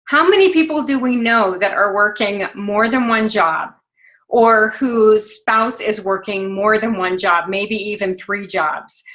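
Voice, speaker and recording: A woman's voice: medium pitch, a bit bright, low-quality recording. A woman leading a motivational team conference call, upbeat and gushing, with many fillers. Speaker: team leader on a sales call. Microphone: phone.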